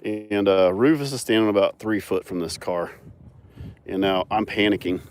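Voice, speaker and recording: A young man with a fairly low voice tells his farm story with lively energy and frequent laughs. He talks outdoors on a mountain farm, close to a phone camera. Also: normal speed. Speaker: farmer and animal owner. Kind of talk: casual storytelling vlog.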